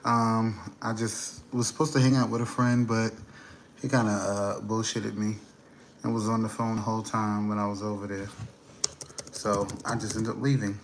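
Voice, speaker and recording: Man, livestream host, casual chat, rambling, reads chat aloud, lowish voice, faint background hiss. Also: normal speed. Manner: relaxed, rambling, talks while reading chat and browsing. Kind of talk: casual live-stream chat. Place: home kitchen, sitting at a computer.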